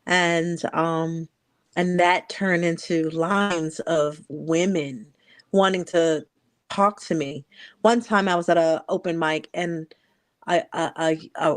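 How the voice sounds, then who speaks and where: A woman's voice: lowish voice, no room sound. A woman in her forties hosting a talk, telling a personal story in an earnest, reflective way with many restarts. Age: 40s. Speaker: host. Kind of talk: heartfelt conversational storytelling.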